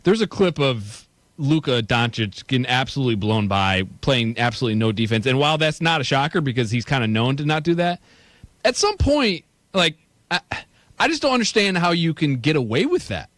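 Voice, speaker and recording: A man co-hosting a sports talk radio show, talking in an animated, exasperated way. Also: medium pitch, a little fast, no echo. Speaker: radio co-host.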